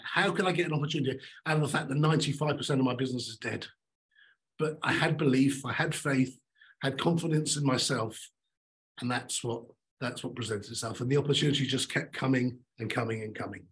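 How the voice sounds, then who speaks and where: A middle-aged man giving a motivational talk on stage, emphatic and animated, repeating his key lines. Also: medium pitch, fast talker, rough recording. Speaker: keynote speaker.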